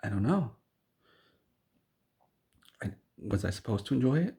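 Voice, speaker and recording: A man's voice: fairly low pitch, very animated, unhurried, creaky, dark tone, slightly rough, full character voice. A man voicing a confused visitor at a sideshow, who talks in a hesitant, bewildered way.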